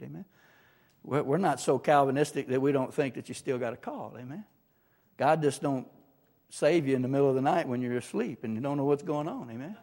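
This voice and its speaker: A man's voice: mid-range voice, brisk, darkish tone. Guy preaching, emphatic, keeps saying right? amen?, big echoey hall. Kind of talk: sermon with personal testimony. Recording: long reverb from a large hall.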